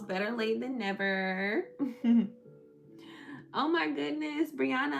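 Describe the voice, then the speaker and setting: A woman's voice: lowish voice, creaky. A young woman with a Southern US accent, tired, chatting on a live stream, reading the chat aloud and laughing often.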